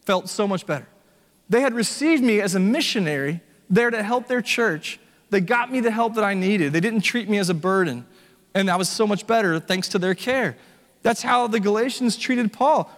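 A man's voice: sits high, long reverb tail. A man preaching a sermon as pastor, telling stories with casual asides to his congregation. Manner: animated storytelling, conversational asides to congregation.

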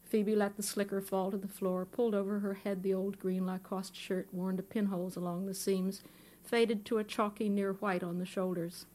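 A woman author reads her fiction aloud at a bookstore event, her voice at a plain middle pitch. She takes the lines in a measured, unhurried way. She speaks into a microphone. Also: little pitch movement, darkish tone. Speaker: author reading her own work. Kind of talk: live fiction reading. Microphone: microphone on a stand.

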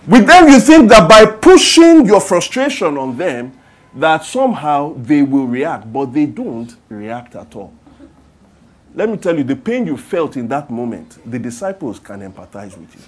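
High, lively pastor preaching. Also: male voice, measured pace. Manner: animated, swings from hushed prayer to loud storytelling. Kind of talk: sermon. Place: church service.

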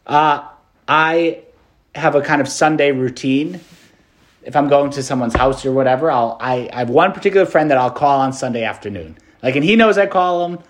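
A Catholic priest giving a conversational preached meditation, casual and animated, with plenty of fillers. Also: male voice, medium pitch, normal speed.

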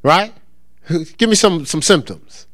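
This man speaks slowly in a high, slightly bright voice with lively intonation. He's a pastor teaching through call-and-response, asking the congregation for answers, cracking jokes, and performing the voices he quotes. It's a dry, studio-quality recording.

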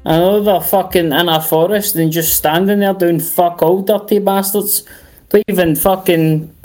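A man's voice: sits high, steady tone, moderate pace, darkish tone, soft background music. A Scottish man chatting as a guest on a stream, tipsy and sweary, rambling through jokes. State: tipsy from drinking. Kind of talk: casual chat.

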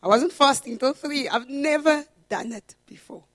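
A woman pastor preaching a sermon in an earnest way, building to loud, emphatic repetitions. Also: high-pitched, moderate pace, no room sound, studio quality.

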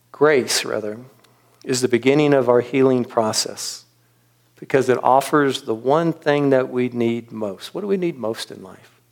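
A middle-aged man speaks in a gentle, earnest sermon voice. He tells his story slowly and reflectively, pausing often between phrases. His pitch sits in an ordinary middle range. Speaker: pastor.

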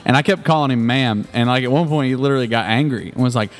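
A man's voice: medium pitch, fast, faint music behind. A man with a slight Southern US accent, co-hosting a podcast in rambling casual chat. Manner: rambling, self-interrupting. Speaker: podcast co-host.

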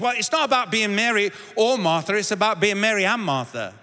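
High-voiced, bright-toned male pastor. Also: expressive, a little fast, few pauses, big-room sound. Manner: conversational, repeats words, shifts into acted quotes. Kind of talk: sermon.

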